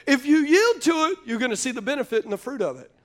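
A man's voice: very high-pitched, very animated, quick pace, a bit bright. A man preaching a sermon, telling folksy stories and calling out to the congregation. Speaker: pastor.

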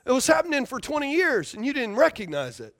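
A man's voice: very high-pitched, wildly swooping pitch, fast, fairly bright tone. A man preaching a sermon as a pastor, emphatic and repetitive, often asking the congregation for responses.

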